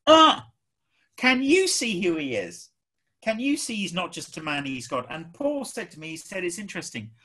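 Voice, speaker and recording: A man with an English accent preaching a sermon, emphatic and animated, acting out the people he quotes. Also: sits high, slightly rough.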